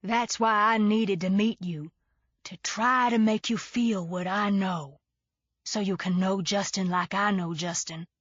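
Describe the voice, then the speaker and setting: Woman reading an insistent Southern mother, honey-smooth and slow, dry dull audiobook sound. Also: medium pitch, fairly even intonation, a bit bright, dry recording. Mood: pleading. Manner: slow, pleading, emphatic.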